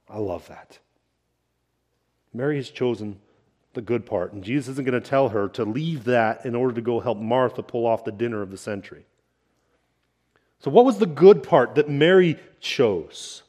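A middle-aged senior pastor preaching a sermon in a conversational way, often checking in with "right?" and building to emphatic points. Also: male voice, medium pitch, animated, moderate pace, long pauses, a little mellow.

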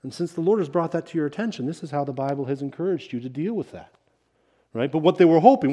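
A middle-aged senior pastor preaching a sermon in a conversational way, often checking in with "right?" and building to emphatic points. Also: male voice, on the high side, expressive, a little fast, a little mellow.

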